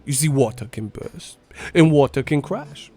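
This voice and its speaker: A man voicing a calm male martial-arts master teaching philosophy, speaking in a hushed, slow, half-whispered way. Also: mid-range voice, faint music behind, natural voice. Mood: calm, philosophical.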